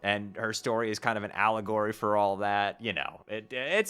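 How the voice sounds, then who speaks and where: A man's voice: lowish voice, normal speed, few pauses, a bit bright, clear, resonant tone. A man streaming casual chat, rambling with laughs and stumbling restarts. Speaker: streamer reading a webcomic aloud. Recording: background music under voice.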